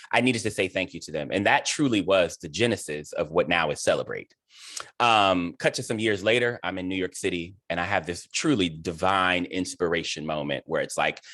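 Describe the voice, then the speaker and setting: Effusive low-voiced male interview host. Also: moderate pace, fairly bright tone, dry recording. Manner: effusive, emotional, heartfelt. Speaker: host and theater director. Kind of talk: casual interview chat.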